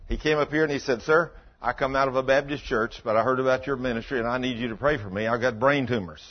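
A man preaching a sermon, telling stories in a folksy way and acting out the dialogue. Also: fast. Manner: folksy, acts out dialogue, drops to low intense tones. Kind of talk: sermon storytelling. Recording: dull lo-fi sound.

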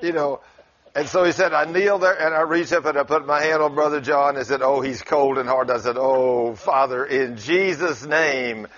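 A man's voice: fairly high pitch, steady tone, fairly quick, a bit bright. A man who preaches, telling a story in casual conversation in a folksy way and chuckling as he goes. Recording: dull lo-fi recording.

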